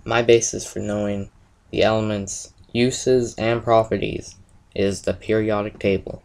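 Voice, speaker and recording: Male presenter, slightly low voice, steady read-through of a science explanation. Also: unhurried, vocal fry, low-quality recording. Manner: steady, methodical, step-by-step explaining. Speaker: presenter of a school science project. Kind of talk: reading a prepared explanation.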